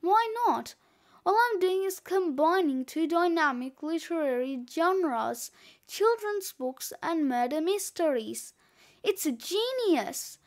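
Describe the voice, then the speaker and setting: A woman's voice: very high voice, lively intonation, takes it slowly, full character voice. A woman doing a boastful schoolboy. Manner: boastful, breezy. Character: cocky boy, a scheming schoolkid author.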